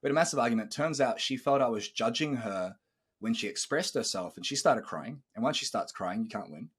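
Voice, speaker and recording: A man's voice: medium pitch, brisk, husky. A man in his thirties hosting a podcast as a coach, telling stories animatedly and acting out quoted dialogue. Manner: animated storyteller, acts out quoted dialogue, swears. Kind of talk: casual podcast chat.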